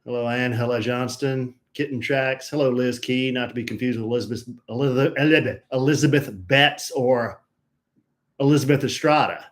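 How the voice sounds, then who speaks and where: Give me a jokey male stream host with a middle-pitched voice who rambles while greeting viewers. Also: fairly even intonation, normal speed. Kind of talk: casual chat greeting viewers.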